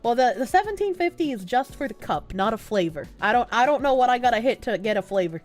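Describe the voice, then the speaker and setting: A woman's voice: fairly high pitch, sing-song, fast talker. Giggly stuffy-nosed woman streamer. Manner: soft-spoken, not loud, giggly, swears casually. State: stuffy nose. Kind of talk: casual live-stream chat, reading chat messages aloud.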